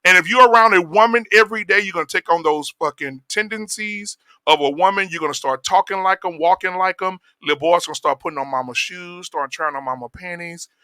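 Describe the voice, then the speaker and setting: A man's voice: high-pitched, brisk, few pauses, sharp tone, clear, resonant tone, no room sound. A man ranting on a podcast, profane and preachy. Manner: profane, preachy, mimics voices mid-rant. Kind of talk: heated podcast rant.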